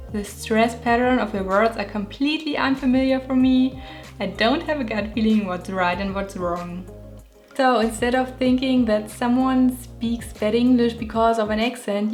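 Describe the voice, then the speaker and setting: German-accented woman, playful and self-mocking. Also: medium pitch. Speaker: illustrator and vlogger. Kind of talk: talking over a speed painting video.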